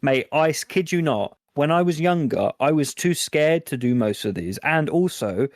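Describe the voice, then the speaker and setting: A young man, chatting casually as a podcast co-host and telling animated stories. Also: fairly high pitch, normal speed, no room sound, studio quality. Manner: animated storyteller, acts out game characters. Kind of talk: casual chat.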